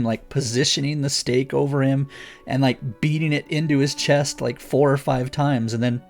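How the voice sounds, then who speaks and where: A man's voice: medium pitch, fairly even intonation, moderate pace, darkish tone, faint music behind. A man speaking as a guest in a casual chat, explaining things eagerly and rambling with many restarts. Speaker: guest author.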